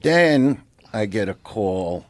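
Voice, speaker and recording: A man's voice: on the low side, slow, no room sound. Brash, profane middle-aged man telling stories. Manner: brash, profane, animated storytelling with acted-out quotes. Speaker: podcast guest, comedian. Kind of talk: casual storytelling.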